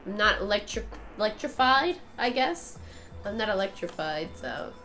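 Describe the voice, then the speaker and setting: A woman's voice: medium pitch, big pitch swings, normal speed, sharp tone, faint music behind. A woman game streamer with a stuffed-up nose, chatting casually and rambling with frequent laughs while she plays. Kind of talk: casual gameplay commentary.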